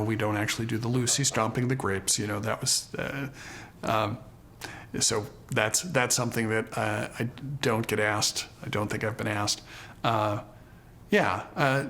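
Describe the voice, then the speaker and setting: A man's voice: on the low side, a bit bright, a little hiss or hum. A man, a winemaker and co-owner, answering an interview question in an easygoing, amused way.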